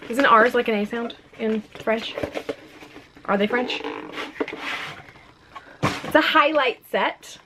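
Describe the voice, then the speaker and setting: A woman's voice: a little high, slow pace, long pauses, background noise. A woman vlogging a casual makeup unboxing at home, gushing and exclaiming with frequent giggles. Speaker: beauty vlogger.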